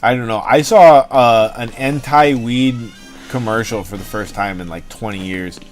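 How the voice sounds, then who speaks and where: A man's voice: mid-range voice, unhurried, soft background music. A young man hosting a livestream, rambling and joking casually with his chat, swearing freely. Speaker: livestream host.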